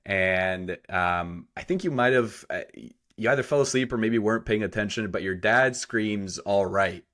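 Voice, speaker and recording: A podcast host with a very low male voice. He sets up questions calmly and conversationally, walking his guest back through key moments. Now and then he reads a passage aloud. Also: moderate pace. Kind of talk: interviewing.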